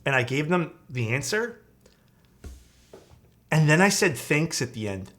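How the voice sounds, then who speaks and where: A man's voice: a little high, sing-song, unhurried, sharp tone. Laid-back young man telling stories. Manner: laid-back storytelling, swears often, says "dude" and "man". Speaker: streamer. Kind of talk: casual stream chat. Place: home streaming setup.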